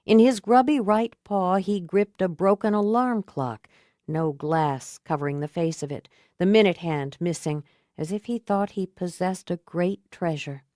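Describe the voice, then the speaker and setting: A woman narrating a thriller audiobook in a measured, even storytelling manner. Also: lowish voice, no room sound, clean studio sound. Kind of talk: scripted narration.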